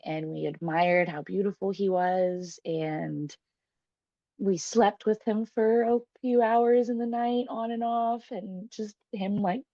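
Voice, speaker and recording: A young woman appears as a podcast guest and shares a personal story, candid and emotional, swearing freely and laughing often. Her voice is lowish and warm, and the recording is dry, dull and lo-fi.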